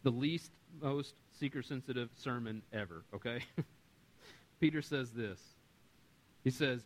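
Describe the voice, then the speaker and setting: A man preaching a sermon as pastor, animated and self-deprecating, acting out the voices in the stories he tells. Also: medium pitch, slow, long pauses, rough recording. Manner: animated, self-deprecating humor, acts out quotes. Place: church sanctuary.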